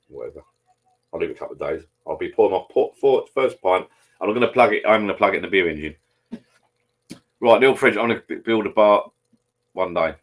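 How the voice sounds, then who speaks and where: A man's voice: low-pitched, slightly rough. A man hosting a live stream, chatting casually and rambling over beers, swearing freely as he talks to viewers.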